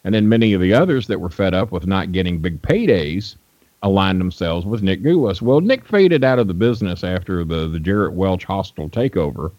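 This low-pitched man, a wrestling manager from Louisville, Kentucky, talks a little fast and with animation while sharing profane, wandering anecdotes on an interview show. His tone is darkish, the recording has no room sound, and the high frequencies are cut off.

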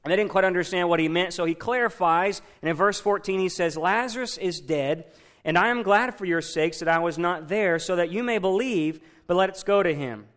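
Guy preaching a sermon, chatty, keeps asking the crowd stuff, kinda high voice. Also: fairly quick, fairly bright tone. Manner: conversational, asks the congregation questions.

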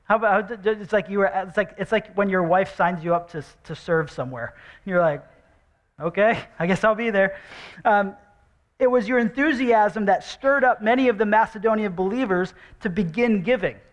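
High-voiced animated male pastor. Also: fairly quick. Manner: animated, jokey, emphatic with repeated rhetorical questions. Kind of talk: sermon. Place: church sanctuary.

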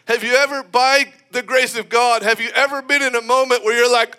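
A man preaching a sermon in an animated, emphatic way, often breaking into laughter. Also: very high voice, moderate pace.

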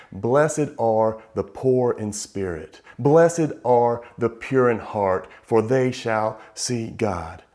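A man's voice: lowish voice, darkish tone. Emphatic male preacher giving a sermon. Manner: emphatic, slows down to stress repeated words.

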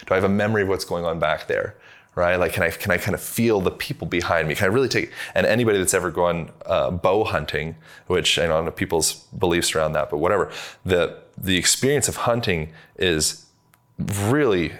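Interview guest: man with a very low voice, easygoing and rambling, heavy on fillers. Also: brisk. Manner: relaxed, rambling explanations with many fillers. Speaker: podcast guest, movement coach. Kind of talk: conversational interview.

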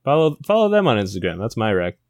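A young man co-hosting an improv comedy podcast, pitching a story in a rambling, laughing way. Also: sing-song, no echo, clean studio sound. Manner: rambling, laughing storyteller putting on quick voices.

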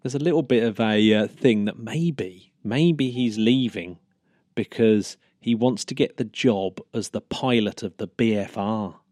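A man's voice: on the low side, a little slow, a little mellow, no room sound. Chatty man, very dry sound. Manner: chatty, laughs often, many restarts. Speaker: podcast co-host. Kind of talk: casual news chat.

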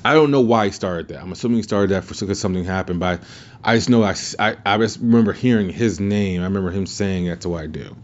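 A lower-voiced man chats through a story as a podcast host, swearing freely and circling back on himself mid-sentence. The recording sounds dull and lo-fi. He talks loosely and never sounds scripted. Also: quick pace. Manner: profane, rambling, lots of restarts. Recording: muffled lo-fi recording.

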